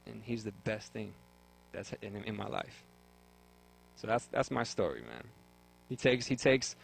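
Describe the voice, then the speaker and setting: A man's voice: lowish voice, creaky, a little hiss or hum, rough recording. A young man speaks earnestly about his faith on a talk radio show. He often doubles words as he gathers his thoughts. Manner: earnest, repeats words when starting a thought. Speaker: guest sharing his testimony.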